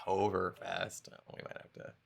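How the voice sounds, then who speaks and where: A man's voice: sits low, monotone, moderate pace, gravelly, slightly rough. A man streaming games live, chatting casually with friends and viewers, swearing freely and laughing often. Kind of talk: casual gaming chat.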